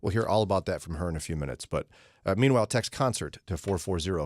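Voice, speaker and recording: A male morning radio host with a lively, swooping delivery that jumps up whenever he mimics an outraged caller. He sits close to a studio microphone, and the sound is dry and clean. His talk is loose and chatty. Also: low voice, fast talker, dry recording. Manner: animated, mimics angry listeners in raised voices. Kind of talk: casual radio chat.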